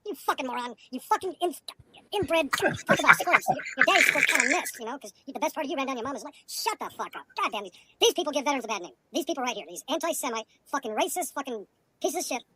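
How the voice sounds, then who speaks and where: A woman's voice: high-pitched, big pitch swings, fast talker, very noisy. A woman on a livestream in a furious, profane rant.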